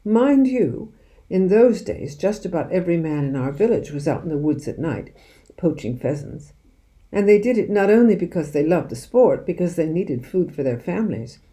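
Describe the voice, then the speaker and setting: Woman reading a storybook, very mellow. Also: on the low side, lively intonation, normal speed. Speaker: audiobook reader. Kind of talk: storybook read-aloud narration.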